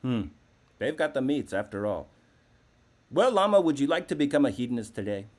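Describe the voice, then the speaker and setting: A man's voice: mid-range voice, big pitch swings, brisk, a little mellow. A man hosting a live call-in comedy show, talking in a brash, profane, rambling way. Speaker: host.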